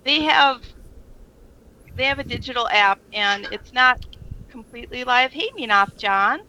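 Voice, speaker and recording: A woman's voice: a little high, measured pace, pushed and bright, slight background noise, low-quality recording. A woman co-hosting a casual podcast chat, telling a rambling story full of fillers and laughs. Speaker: podcast co-host.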